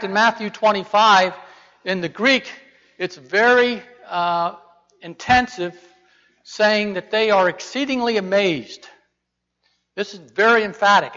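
A man's voice: high voice, bright, forceful tone. A man teaching a Bible lesson in a conversational way, putting rhetorical questions to his listeners. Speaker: preacher. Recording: dull reverberant hall recording.

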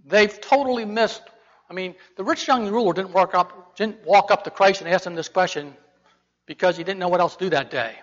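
A man whose voice sits high and sounds fairly bright speaks briskly as he teaches a Bible lesson. This preacher keeps it conversational, asking rhetorical questions, in a dull, reverberant hall recording.

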